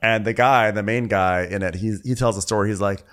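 A man's voice: fairly low pitch, steady tone, brisk, hardly any pauses. A man co-hosting a podcast, making wry, joking asides while recapping a reality show in casual chat. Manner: wry, joking asides, loud mock-quotes. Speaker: podcast co-host.

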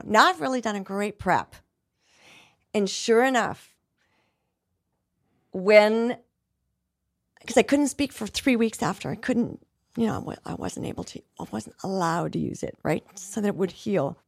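A woman's voice: mid-range voice, creaky, dry recording, clean studio sound. A middle-aged woman singer talking earnestly as a podcast guest, reflective, with frequent restarts and some stretched-out words. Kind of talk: candid conversational interview.

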